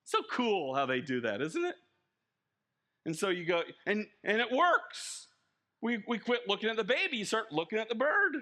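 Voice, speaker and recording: A man preaching a sermon as pastor, animated and acting out little scenes. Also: high voice. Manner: animated, acts out little scenes with shouted voices. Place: church.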